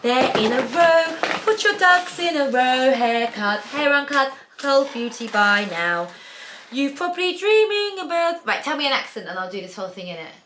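A woman's voice: sits high, very animated, normal speed, background noise. A British woman in her thirties, chatting playfully as she unboxes beauty products. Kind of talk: casual chat.

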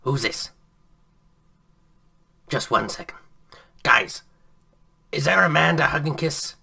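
A man voicing a grouchy, short-tempered middle-aged bartender who barks gruffly. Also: on the high side, lively intonation, slow pace, bright, forceful tone, pitched above the performer's own voice, exaggerated voice. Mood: irritable.

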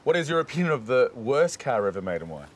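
A man's voice: medium pitch, big pitch swings, quick pace, a little hiss or hum. A man hosting a motoring TV show, interviewing a guest in an upbeat, matey presenter style. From Australia.

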